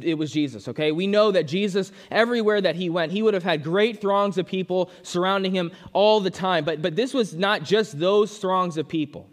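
A man's voice: fairly high pitch, big-room sound. A man preaching a sermon, earnest, often repeating words, his voice rising when he pleads. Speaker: pastor.

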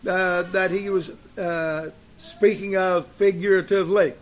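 An older man preaching a sermon to his congregation, deliberate and repetitive, with occasional fillers. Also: sits high, fairly even intonation. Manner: slow, deliberate preaching with repeated phrases and fillers.

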